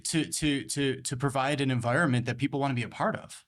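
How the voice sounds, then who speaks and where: A man hosts a podcast interview in a casual, halting way, often restarting and filling his sentences. His voice sits at an ordinary middle pitch. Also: steady tone. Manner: halting, many restarts and fillers. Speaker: podcast host. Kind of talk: conversational interview.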